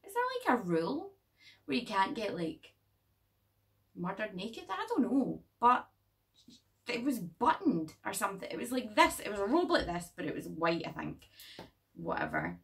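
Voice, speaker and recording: A woman casually reviewing a horror movie in a chatty, animated way, swearing freely. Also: mid-range voice, normal speed, long pauses, far from the mic.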